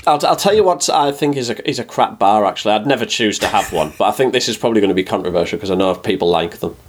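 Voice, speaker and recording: A man's voice: fairly low pitch, lively intonation, fast talker. A man in casual podcast chat, giving blunt opinions and chuckling.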